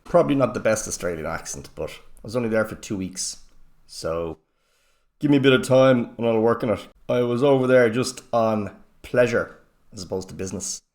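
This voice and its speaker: Rambling man, low voice. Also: normal speed, darkish tone. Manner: rambling, blunt, conversational. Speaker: vlogger. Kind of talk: casual monologue.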